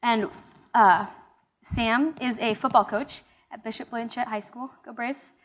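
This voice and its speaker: In an unhurried, fairly bright voice on the high side with fairly even intonation, a young woman gives a casual Bible study talk. She leads a small group, teaching conversationally with fillers and restarts.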